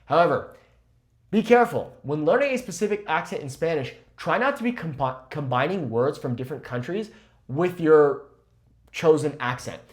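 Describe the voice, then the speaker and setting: A man teaching Spanish pronunciation in an energetic, emphatic online lesson, often checking in with "okay?". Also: a little high, normal speed. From Mexico.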